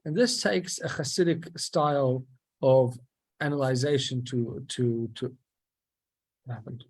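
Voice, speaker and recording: Husky-voiced man teaching a text. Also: medium pitch, a little slow, a little mellow. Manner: explanatory, asks and answers his own questions, frequent restarts. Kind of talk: explaining a text in a class.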